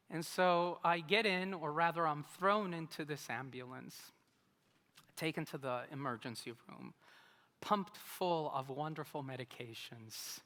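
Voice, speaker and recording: A man preaching a sermon as pastor, telling a story with animated, humorous delivery. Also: on the high side, measured pace. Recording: long reverb of a large hall.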